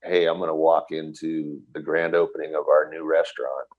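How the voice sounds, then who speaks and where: A middle-aged man from the US Midwest, telling a personal recovery story in an interview, earnest and animated, acting out quoted dialogue. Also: extremely low pitch, moderate pace, phone-quality sound.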